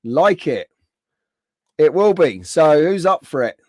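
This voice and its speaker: A chatty man hosting a live stream with a rough throat, clearing it often as he answers viewers by name. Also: fairly high pitch, very animated, slow pace, darkish tone, dry recording, clean studio sound. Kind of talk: casual live stream chat.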